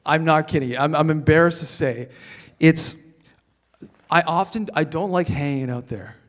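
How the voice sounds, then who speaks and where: Guy preaching a sermon, fairly high voice, chatty, stumbles on repeated words, goes quiet then punches up. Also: moderate pace. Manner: conversational, repeats words when starting sentences; swings between quiet reading and emphatic rises. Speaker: pastor.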